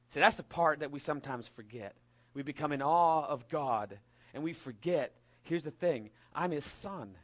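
A middle-aged pastor from California preaches with the loose energy of a storyteller. He tells the tale with jokes and acts out voices along the way. His voice sits a little higher than most men's. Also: moderate pace, fairly bright tone. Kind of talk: sermon.

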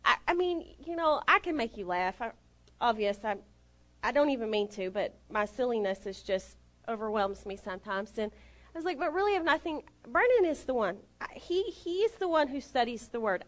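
A middle-aged woman giving a storytelling sermon, animated and self-deprecating, acting out the dialogue. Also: on the high side, normal speed. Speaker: lay preacher.

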